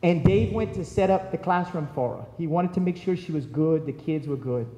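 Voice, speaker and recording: A man delivers a eulogy full of stories, acting out the voices of friends as he goes. His voice sits high but sounds mellow. He is recorded from a distance in a large church with a long, roomy echo. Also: moderate pace, lo-fi sound. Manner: storytelling, acting out quoted voices. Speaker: eulogy speaker. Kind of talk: eulogy with anecdotes. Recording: echoey hall from far off.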